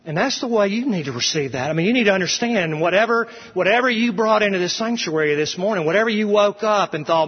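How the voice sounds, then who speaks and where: A man's voice: high voice, fast, few pauses, husky. A male pastor preaching an expository sermon in a church sanctuary, earnest and emphatic, repeating phrases for emphasis. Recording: dull recording with long hall reverb.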